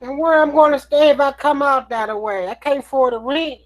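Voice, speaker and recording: Teasing woman with a high voice. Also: moderate pace, dry recording. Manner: folksy, teasing, laughs easily. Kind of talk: casual chat.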